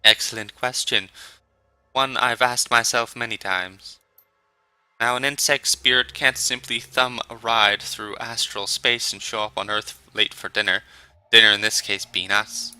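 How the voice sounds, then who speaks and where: A man's voice: medium pitch, steady tone, unhurried, bright, forceful tone, clean tone, no room sound, low-quality recording. A man playing a flamboyant sly elf sage. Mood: theatrical.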